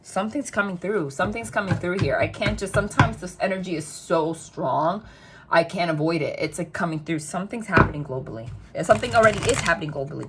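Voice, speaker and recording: A woman's voice: on the low side, fast talker, very noisy. Emphatic woman tarot reader. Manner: emphatic, repeats phrases over and over; chatty and spontaneous, talks straight to the viewer. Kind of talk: tarot reading to camera.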